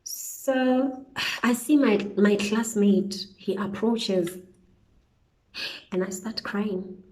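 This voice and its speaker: A young woman from South Africa, a beauty vlogger chatting through a storytime while she does her makeup, animated and peppered with slang interjections. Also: mid-range voice, very slow, rough recording. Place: indoors at home, windy outside.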